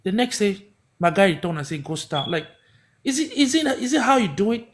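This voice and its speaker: A man from Cameroon with a Cameroonian Pidgin English accent speaks fairly quickly in a high-pitched voice with big pitch swings. Hosting a livestream, he delivers rambling political commentary full of restarts and rhetorical questions.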